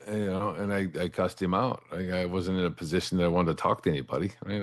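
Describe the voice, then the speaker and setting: A man's voice: low voice, steady tone, brisk. A middle-aged man telling his life story earnestly as an interview guest, often restarting words and asking "right?" after his points. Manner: earnest, repeats words when starting a thought, asks "right?" after points. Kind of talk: candid personal storytelling.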